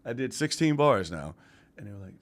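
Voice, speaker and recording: A man's voice: mid-range voice, sing-song, a little fast. A middle-aged man, a Broadway actor, chatting as a guest in a playful, storytelling way and laughing often. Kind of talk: casual interview chat.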